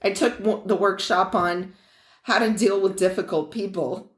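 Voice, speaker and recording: A woman's voice: mid-range voice, steady tone, normal speed. Chatty woman co-host in an echoey room. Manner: chatty storyteller, acts out quoted people, swearing. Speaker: podcast co-host. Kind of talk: casual chat. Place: studio.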